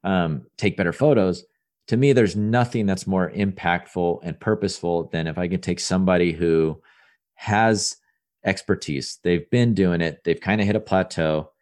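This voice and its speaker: This entrepreneur in his thirties has a deep, slightly mellow voice and keeps a moderate pace during a relaxed podcast interview. Enthusiastic and sincere, he meanders, tripping over restarts and doubled-up words.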